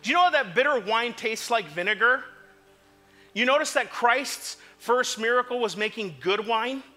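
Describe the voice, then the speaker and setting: A male pastor preaching an impassioned sermon in a church, moving from quiet asides to shouts. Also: very high voice, normal speed, soft background music. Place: church sanctuary.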